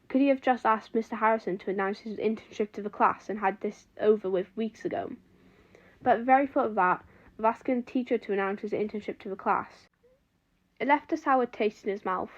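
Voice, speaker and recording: A woman reading a piece of fan fiction aloud, lifting her pitch a little for the characters' quotes. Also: highs cut off. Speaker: fanfiction reader.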